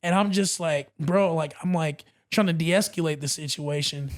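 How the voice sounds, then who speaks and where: A man guest on a podcast, telling a story in a casual, animated way and acting out what others said. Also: fairly high pitch, normal speed. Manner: animated, acts out quotes, says bro a lot.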